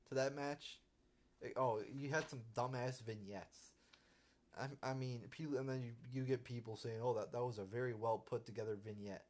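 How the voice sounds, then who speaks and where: A man's voice: on the low side, a little mellow. A young man ranting casually on a live stream, profane and irritated, full of restarts and stumbles. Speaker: wrestling commentary vlogger.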